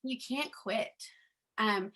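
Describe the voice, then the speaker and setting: Bright-voiced chatty woman giving a pep talk. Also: a little high, slow pace. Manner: chatty and animated, many fillers, acts out quoted dialogue. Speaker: direct sales leader speaking to her team. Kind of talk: motivational talk.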